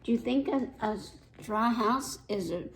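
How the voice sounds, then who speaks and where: A woman reads a picture book aloud for children in a slow, gentle storytelling manner, stopping now and then to ask her young listeners what they think. Her voice sits a little high and carries a gravelly texture. A faint hiss of noise lies under the recording. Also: rough recording. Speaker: children's librarian reading aloud. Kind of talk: children's story time reading.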